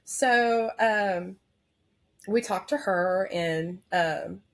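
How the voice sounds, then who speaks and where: A woman's voice: medium pitch, extremely slow, gravelly. A woman in her thirties, a nurse, telling her personal story as a podcast guest in a candid, heartfelt way with many fillers. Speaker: labor and delivery nurse. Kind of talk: emotional personal story in an interview.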